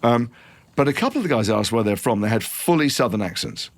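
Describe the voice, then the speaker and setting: A middle-aged man from Liverpool with a softened Liverpool accent, telling long rambling stories in a podcast interview. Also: medium pitch, quick pace. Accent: refined Liverpool English. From Liverpool, England. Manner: rambling, animated storyteller with many restarts. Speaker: actor guest.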